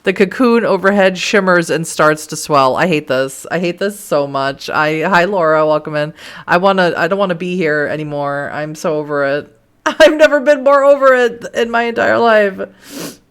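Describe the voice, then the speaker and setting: Woman, game streamer, low-pitched voice, dramatic reading, exasperated asides. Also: normal speed, smooth. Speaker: let's play streamer. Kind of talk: reading a game's text aloud with commentary.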